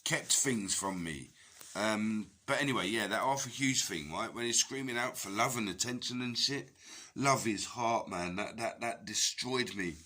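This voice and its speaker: A man's voice: on the low side, moderate pace, sharp tone. A man, a tarot reader, talking in a rambling personal monologue, raw and heavily profane with emotional outbursts.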